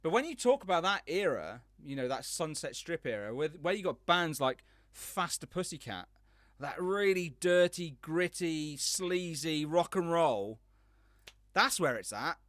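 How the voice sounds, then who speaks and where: A man's voice: fairly high pitch, animated, a little slow, a bit bright, no room sound. A man hosting a podcast, chatting casually and telling rambling stories with enthusiasm. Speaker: podcast host. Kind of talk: casual chat.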